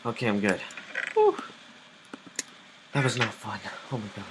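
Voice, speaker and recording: A young man talks himself through a game, jumpy and easily startled. His voice sits low and his pace is slow and drawn out. A steady hiss of noise runs under the home recording. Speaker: gamer playing live. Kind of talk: live gameplay commentary.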